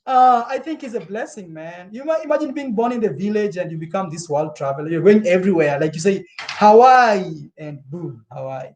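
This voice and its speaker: A young man from Kenya chatting casually and live with his viewers, animated and repetitive, laughing often. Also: high-pitched. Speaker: travel vlogger.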